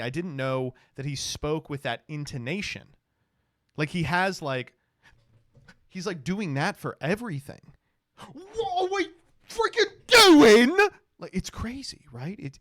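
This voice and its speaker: A man's voice: medium pitch, no room sound, studio quality. A man streaming casual reaction commentary, sarcastic and laughing often, with plenty of swearing. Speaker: streamer reacting to clips and tweets.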